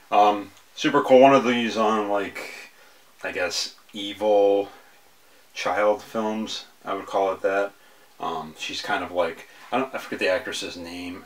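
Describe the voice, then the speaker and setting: Very low-voiced man rambling through a review. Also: fairly bright tone. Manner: rambling, hesitant, many fillers and restarts. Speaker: horror film reviewer. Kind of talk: casual video review.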